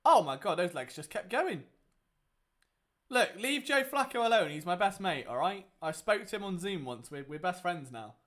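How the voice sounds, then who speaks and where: A young man talks through a live game as he watches, sarcastic and exasperated. He swings from loud outbursts to low mutters. His speaking voice sits fairly high for a man. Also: lively intonation, moderate pace. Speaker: sports watchalong host.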